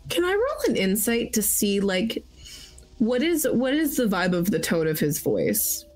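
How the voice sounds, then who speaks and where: A woman playing a tabletop game, talking in an excited, animated way. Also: mid-range voice, a little slow, rough recording. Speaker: player. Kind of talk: casual tabletop play.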